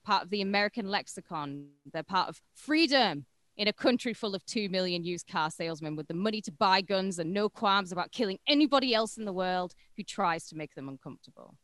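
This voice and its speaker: A woman's voice: medium pitch, lively intonation, fairly quick, a bit bright, no echo. A woman co-hosting a podcast, telling a true-crime story in a casual, irreverent way with crude jokes along the way. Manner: irreverent and crude, joking between facts.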